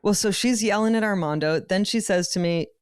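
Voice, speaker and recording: A woman co-host telling a story in casual podcast chat, halting and restarting often. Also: mid-range voice, smooth, dry recording, clean studio sound. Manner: halting, many restarts and repeated words.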